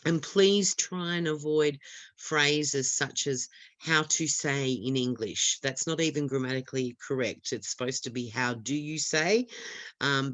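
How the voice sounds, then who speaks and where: A woman's voice: extremely low pitch, dry recording. A woman teaching an online lesson on speaking exams, talking steadily and encouragingly and stressing key words. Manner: steady, encouraging instructor with lots of stress and intonation. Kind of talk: webinar lesson.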